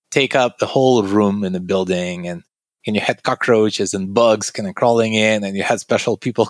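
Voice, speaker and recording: A man's voice: on the low side, no echo. A man, a tech company founder, giving earnest, explanatory interview answers about his product.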